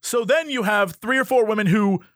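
A man co-hosting a podcast in casual chat, animated, acting out quotes in different voices. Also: high-pitched, normal speed, dry recording, clean studio sound. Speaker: podcast co-host.

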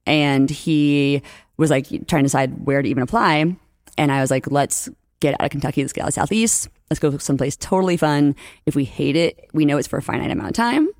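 A young woman from New Orleans, a podcast guest, telling lively stories in casual chat and acting out the lines of the people she quotes. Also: sits low, fairly quick, no room sound, studio quality. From New Orleans, USA. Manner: animated storyteller, acts out quotes, laughs often.

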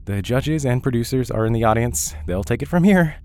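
A man's voice: medium pitch, lively intonation, a little fast, dark tone, smooth, pitched above the performer's own voice, close to an everyday voice. A man voicing an anxious female stage manager who is hurrying. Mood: hurried.

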